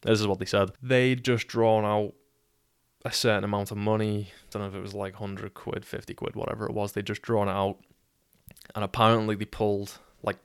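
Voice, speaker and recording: A man's voice: fairly low pitch, clean tone, dry recording, studio quality. A young man with a Scouse accent telling a rambling, wry, swear-heavy anecdote. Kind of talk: casual storytelling.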